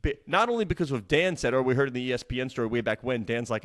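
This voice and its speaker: A man co-hosting a sports business podcast, talking in an animated, emphatic way and repeating words for stress. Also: medium pitch, very fast. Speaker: podcast co-host. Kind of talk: casual sports business chat.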